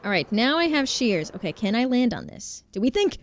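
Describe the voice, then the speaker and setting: Chatty, giggly woman streamer, fairly high voice. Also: big pitch swings, brisk. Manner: chatty, laughs often, reads and answers chat. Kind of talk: casual live-stream chat while gaming.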